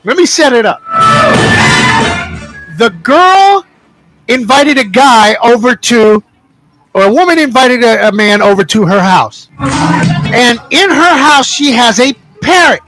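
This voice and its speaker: High-voiced, slow-talking man host. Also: animated, fairly bright tone, soft background music, low-quality recording. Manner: folksy, hypes up the audience. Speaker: radio show host. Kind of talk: casual morning show chat.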